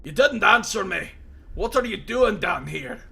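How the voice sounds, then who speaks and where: Gruff growling cyborg scavenger, pitched up and loud, as a male streamer voices him for a game. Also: expressive, unhurried, full character voice.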